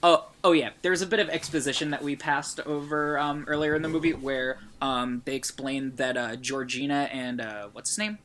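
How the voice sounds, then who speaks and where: Bright sharp voice, podcast cohost walking thru a movie plot, lots of um and like. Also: mid-range voice, moderate pace, hardly any pauses, a little hiss or hum. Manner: animated retelling, lots of "um" and "like". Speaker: podcast co-host. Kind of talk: casual movie discussion.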